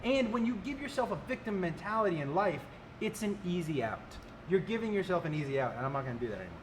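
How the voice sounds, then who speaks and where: A man's voice: high-pitched, sing-song, fast, noisy background. A man co-hosting a podcast, talking earnestly and reflectively about his own habits. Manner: earnest, reflective, repeats himself while thinking. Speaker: podcast co-host. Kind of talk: casual podcast chat.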